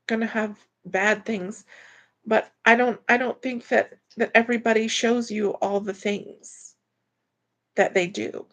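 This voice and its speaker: A woman's voice: mid-range voice, gravelly, a bit bright. A woman hosting a casual livestream, reading viewer comments and rambling through answers with frequent restarts. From Florida, US. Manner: rambling, repeats words when restarting. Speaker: livestream host reading chat. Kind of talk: casual live chat.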